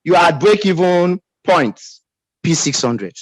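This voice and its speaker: A man's voice: fairly high pitch, expressive, unhurried, no echo, rough recording. A man with a Nigerian English accent giving an emphatic motivational pep talk as a business team leader, calling out for audience responses.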